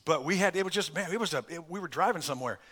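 A middle-aged man pastor preaching a sermon, swinging between loud emphatic stresses and soft asides and chuckling through lists. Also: on the high side, expressive, rapid-fire, husky.

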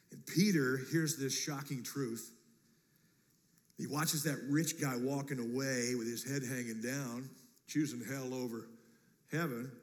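A male pastor preaching a sermon, animated and acting out voices, swinging between loud and quiet. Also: medium pitch. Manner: animated, acts out voices, big swings in loudness. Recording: long hall reverb.

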